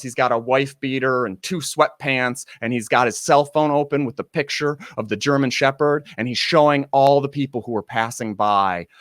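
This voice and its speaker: Guy telling a story live, mid-pitch voice, dry close sound, really animated, does the voices of people he quotes. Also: no echo.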